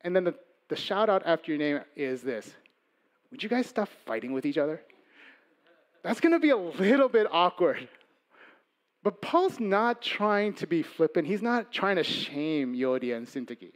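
Man, pastor, sermon, fairly high voice, conversational, loud emphasis then quiet asides. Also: sing-song, moderate pace.

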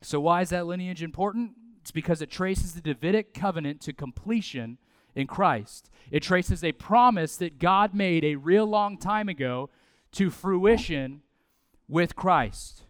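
A man, preaching a sermon in a conversational, animated way with asides and repetition. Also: high voice, unhurried, smooth, no echo. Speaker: pastor.

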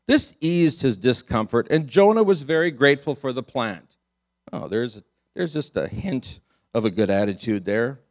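A man preaching a sermon as pastor. He tells the story in an animated, amused way, chuckling often and repeating words as he drives a point home. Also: medium pitch, normal speed.

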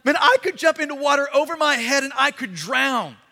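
A man's voice: very high-pitched, expressive, a little fast, vocal fry, bright, forceful tone, full character voice. A pastor voicing a small boy who stands at the edge of a swimming pool and talks about the water and his dad. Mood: scared. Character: frightened little boy at a pool. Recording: long hall reverb.

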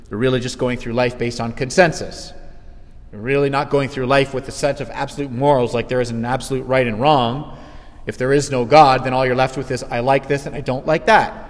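A man preaching a sermon in a lively, conversational way, acting out quotes as he goes. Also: mid-range voice, in a large hall.

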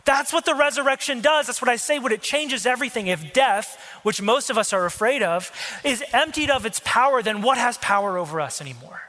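A man's voice: very high voice, animated, fairly quick, pushed and bright. A male pastor preaching a sermon in a conversational way, with asides and jokes to the congregation, recorded in a church hall. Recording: long hall reverb.

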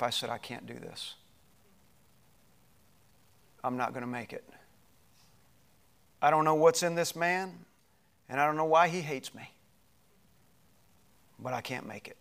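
Animated preacher man, higher voice. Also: smooth. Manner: animated, swings from loud to hushed. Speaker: pastor. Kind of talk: sermon storytelling.

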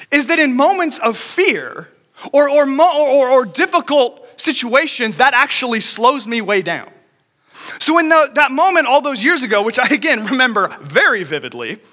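A man in young adulthood preaching a sermon as a pastor, telling a story quickly and with animation. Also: very high voice, pushed and bright, big-room sound.

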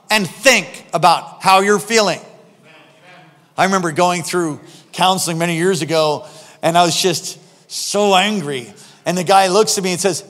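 A man preaching a sermon as pastor, animated, swinging between loud exclamations and quiet asides. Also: high-pitched, moderate pace, in a large hall.

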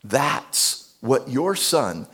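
A male pastor giving a sermon, animated, swinging between loud emphasis and hushed tones. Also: mid-range voice, very slow.

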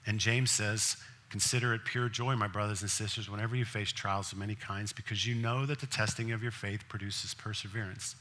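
A man's voice: on the low side, fairly even intonation, a little fast, few pauses, bright, forceful tone. A male pastor preaching a sermon in a conversational way, asking the congregation direct questions.

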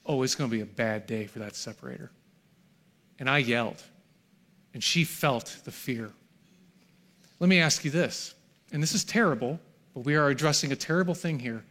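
A middle-aged male pastor preaching a sermon to a congregation in a church hall, swinging from hushed, near-whispered lines to shouted peaks. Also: mid-range voice, normal speed, long pauses.

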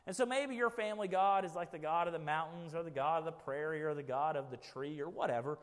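A man's voice: on the high side, fast. A man in his forties preaching a sermon in a conversational way, often adding "right?" to check in with listeners. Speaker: pastor. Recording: reverberant church hall.

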